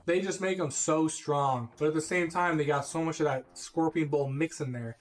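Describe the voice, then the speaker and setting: A man's voice: fairly high pitch, moderate pace, faint music behind. A young man co-casting an esports stream, telling rambling, crude, laid-back stories. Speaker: esports caster. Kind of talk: casual co-casting banter.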